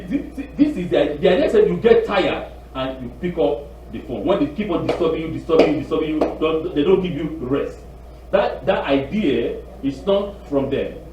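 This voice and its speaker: A man giving an informal sermon on the weekly Torah portion, animated and repetitive, acting out phone calls with a raised voice. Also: a little high, distant mic, slight background noise. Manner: repeats words and restarts often. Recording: echoey room, off-mic, dull sound.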